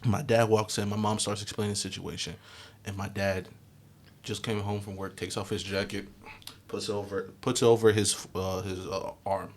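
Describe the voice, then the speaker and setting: A man's voice: fairly low pitch, normal speed. A young man co-hosting a podcast, telling stories in casual chat and acting out the voices of people in them while swearing freely. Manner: animated storyteller, swears freely, acts out voices. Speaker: podcast co-host.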